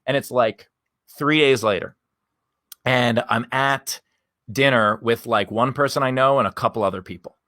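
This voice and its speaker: A man's voice: mid-range voice, normal speed, fairly bright tone, no echo, studio quality. A male comedian telling a long story on a podcast in a candid, rambling way and swearing casually. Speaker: guest comedian.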